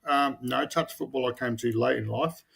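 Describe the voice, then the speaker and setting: A man's voice: medium pitch, fairly even intonation, moderate pace, vocal fry, fairly bright tone, a little hiss or hum. A middle-aged man co-hosting a podcast in casual, rambling chat, swearing and restarting often. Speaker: podcast co-host.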